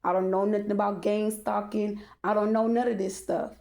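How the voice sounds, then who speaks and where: A woman's voice: medium pitch, flat delivery, normal speed, a little mellow. Rambling woman telling a story. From Texas. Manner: rambling, many fillers, addresses the audience directly, profane. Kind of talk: casual storytime monologue.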